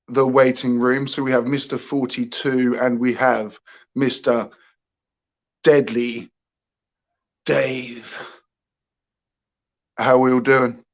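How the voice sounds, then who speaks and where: A man hosts a relaxed live stream from his room at home, taking his time as he greets viewers one by one. He sounds cheerful and chatty at an even, middling pitch. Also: lo-fi sound. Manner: upbeat, laughs often, greets viewers by name. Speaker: host of a live stream chat. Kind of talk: casual live stream chat. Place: home room with curtains closed.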